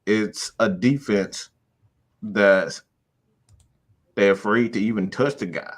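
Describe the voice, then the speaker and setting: A man co-hosting a casual sports talk show, deliberate and building to emphatic repetition. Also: fairly low pitch. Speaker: podcast co-host.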